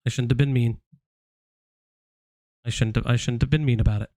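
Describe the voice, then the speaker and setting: A man's voice: medium pitch, fairly even intonation, brisk, dark tone, dry recording, clean studio sound. A man hosting a live stream, speaking bluntly and confrontationally to someone he addresses directly. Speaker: stream host. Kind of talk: casual live-stream commentary.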